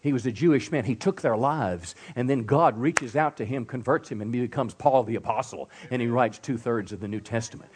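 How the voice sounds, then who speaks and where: A man's voice: mid-range voice, brisk, few pauses, background noise. Fervent preaching man, pastor. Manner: emphatic preaching with "come on" call-outs. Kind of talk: sermon. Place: church service.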